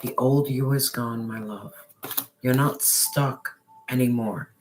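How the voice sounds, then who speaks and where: A tarot reader delivers an intense, emphatic reading to a viewer, using slangy address and swearing, and sometimes dropping to a whisper on certain phrases. Her voice is medium-pitched and fairly even in intonation, the pace slow, with slight background noise.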